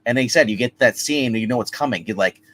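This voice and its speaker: A man co-hosting a casual movie review show, talking excitedly in rambling sentences with many restarts. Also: mid-range voice, fast talker, poor audio.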